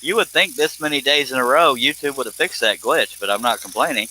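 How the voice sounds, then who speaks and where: A man's voice: mid-range voice, fairly quick, background noise. A man hosting a casual live stream while he cuts wood on a scroll saw, rambling and laughing at himself. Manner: rambling, self-deprecating, chuckling.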